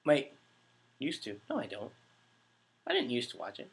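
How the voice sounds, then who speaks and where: With a medium-pitched voice marked by vocal fry and huge swings in pitch, a male voice actor in his twenties moves at a moderate pace through a casual livestream Q&A. He rambles, giggles, and cracks self-deprecating jokes while sounding a little under the weather.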